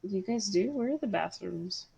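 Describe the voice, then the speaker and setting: A woman with a low, gravelly and husky voice chats casually in a roleplay. Her tone is mellow and dark as she talks eagerly and swears freely. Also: expressive, moderate pace. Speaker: streamer roleplaying a character. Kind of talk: casual in-character roleplay chat.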